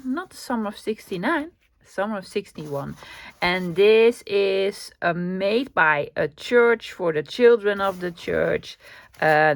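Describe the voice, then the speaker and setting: Excitable woman. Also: on the low side. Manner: chatty and excitable, with fillers and repeats. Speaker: vlogger showing a thrift haul. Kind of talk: casual chat.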